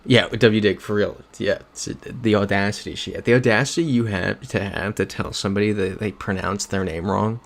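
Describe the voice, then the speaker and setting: Young male streamer with a low, gravelly voice, chatty and rambling between game rounds. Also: steady tone, normal speed, hardly any pauses. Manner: rambling storyteller who reads chat comments aloud. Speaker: livestreamer. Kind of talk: casual chat while playing a geography game.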